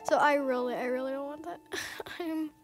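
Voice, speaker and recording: A woman's voice: high voice, steady tone, moderate pace. A young woman casually commenting on a game she is playing, giggling often and easily spooked. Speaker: gameplay streamer. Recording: music playing underneath.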